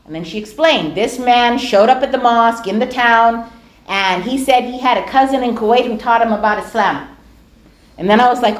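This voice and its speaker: Middle-aged woman lecturing, lively storyteller, fairly high voice, echoey room. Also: normal speed. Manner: animated, acts out dialogue in her stories. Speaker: speaker giving a talk on dawah.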